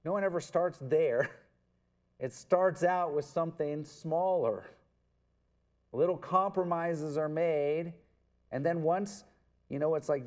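Male pastor, sermon delivery, slow and emphatic, slightly high warm voice. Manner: earnest, emphatic, repeats words for stress. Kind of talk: expository sermon.

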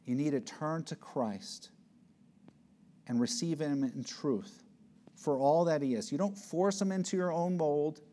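Emphatic preacher with a fairly high voice. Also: male voice. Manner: emphatic, swings between loud peaks and low hushed words; reads scripture aloud slowly and deliberately. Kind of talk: expository sermon.

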